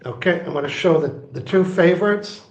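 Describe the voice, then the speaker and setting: A man's voice: fairly high pitch, fairly quick, darkish tone. A man speaking as an interview guest, teaching with emphasis and repeating his key phrases like a coach. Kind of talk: interview conversation. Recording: roomy, dull lo-fi sound.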